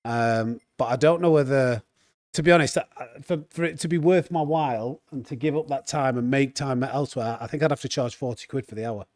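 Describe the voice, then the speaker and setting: Brisk and a little dark in tone, this mid-range male voice comes through in studio quality with no echo. He's a chatty live streamer who reads chat aloud, frequently restarting sentences and leaning on fillers.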